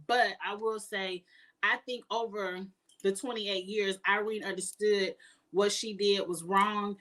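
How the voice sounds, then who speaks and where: A woman's voice: mid-range voice, sharp tone. A woman giving outspoken, emphatic casual commentary as a reality TV reviewer.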